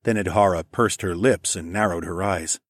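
A man reading a first-person story as an audiobook, relaxed storytelling with casual asides. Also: deep voice, moderate pace, dry recording, studio quality. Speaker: audiobook narrator.

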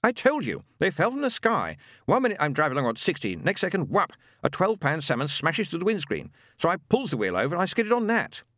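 A man's voice: on the high side, huge pitch swings, fast talker, a bit bright, dry recording, studio quality, voice pushed up. A man voicing an exasperated, blunt lorry driver.

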